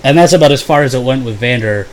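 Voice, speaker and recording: A man's voice: medium pitch, fast, slight background noise. A young man telling a rambling, profane storytime full of "like" and fillers. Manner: bursts into loud exaggerated impressions. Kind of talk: casual storytime.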